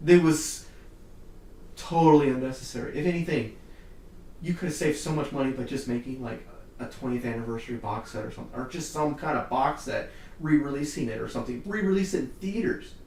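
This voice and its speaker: A man's voice: mid-range voice, brisk, darkish tone, far from the mic. A young man hosting a casual podcast chat, ranting heatedly and with lots of swearing. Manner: heated, profane ranting with laughs. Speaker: podcast host. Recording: roomy echo, off-mic, faint hiss.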